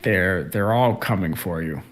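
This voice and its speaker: A man's voice: deep voice, unhurried. Rambling male game master. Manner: rambling, many fillers and restarts. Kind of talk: narrating a tabletop game over a call.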